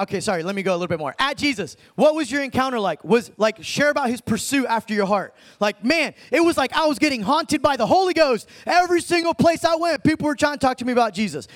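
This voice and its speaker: A young man preaching an informal sermon, animated and slangy, calling listeners dude and man. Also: high voice. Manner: slangy, animated, talks in street terms like dude and bro.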